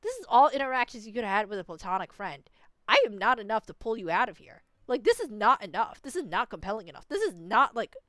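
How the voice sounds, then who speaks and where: A young woman streaming a story game rants in exasperation, using "like" over and over among other fillers. Her voice is on the high side and a bit bright, swinging widely in pitch at a quick pace, captured in a dry recording.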